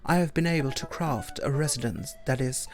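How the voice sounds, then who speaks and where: A man's voice: medium pitch, over music, natural voice. A man putting on a pompous goth dad with a shaky British accent. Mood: proud. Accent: put-on British, self-described as bad. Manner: formal and grandly courteous, halting. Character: pompous Victorian-obsessed goth dad, male.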